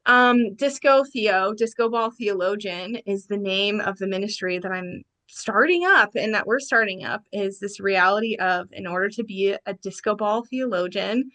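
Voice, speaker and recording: A woman guest on a podcast, telling her own story with animated energy. She jumps into quoted lines from friends in quick, lively bursts, at a pitch of middling height for a woman. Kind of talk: personal storytelling in a podcast interview.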